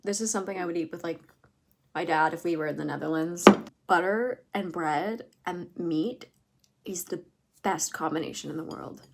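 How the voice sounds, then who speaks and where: A woman's voice: lowish voice, moderate pace, creaky. Chatty young American woman vlogging. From United States. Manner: chatty, full of "like" fillers and laughs. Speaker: vlogger, study abroad student. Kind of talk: casual vlog chat. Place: apartment and streets. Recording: noisy handheld vlog audio.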